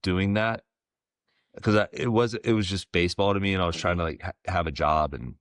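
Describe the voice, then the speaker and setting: Man, low voice, relaxed rambling storyteller, dry studio sound. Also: fairly quick, no echo. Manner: relaxed, rambling, lots of fillers and likes. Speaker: guest, former pro baseball player. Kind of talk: casual storytelling interview.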